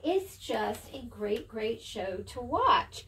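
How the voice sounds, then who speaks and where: A woman's voice: a little high, big pitch swings, takes it slowly, a bit bright, husky. A middle-aged woman casually showing her handmade journals in a chatty vlog, rambling a little with fillers. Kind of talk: casual show-and-tell vlog.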